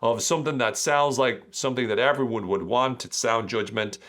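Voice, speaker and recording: An Irish man hosting an analytical commentary podcast, reading out quotes and explaining them, often dropping into quiet asides. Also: medium pitch, fairly quick. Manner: explanatory, reads quotes aloud then breaks them down. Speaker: podcast host.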